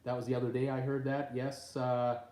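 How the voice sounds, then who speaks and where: A man speaks at normal speed in a monotone, medium-pitched voice with a darkish tone. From home, he runs a casual tablet live stream, reading viewer comments out loud amid lots of ums and uhs. His tablet mic captures it all in an echoey space.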